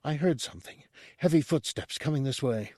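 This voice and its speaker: A man voicing a nervous young woman who speaks with hushed urgency. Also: mid-range voice, brisk, no echo, clean studio sound, pitched above the performer's own voice, natural voice. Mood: urgent.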